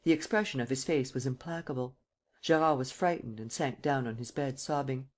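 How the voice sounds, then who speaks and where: A woman narrating a classic detective novel as an audiobook in a steady, measured way. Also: rumbling low. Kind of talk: scripted narration.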